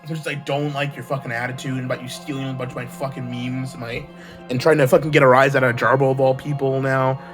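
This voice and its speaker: A man's voice: medium pitch, little pitch movement, fast talker, music in the background. A man delivering a heated, preachy monologue as a video creator, swearing constantly. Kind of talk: profane ranting monologue.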